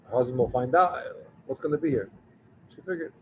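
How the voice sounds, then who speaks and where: A man's voice: mid-range voice, animated, fairly quick, pauses often, slight background noise, rough recording. Man telling a story as a rabbi. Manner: conversational, acts out the dialogue of the people in his story. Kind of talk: storytelling sermon.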